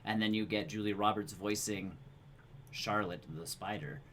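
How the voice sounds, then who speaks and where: A man co-hosting a casual podcast chat, animated and opinionated, mimicking voices for laughs. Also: normal speed, slight background noise. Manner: animated, mocks voices with high squeaky imitations. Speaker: podcast co-host.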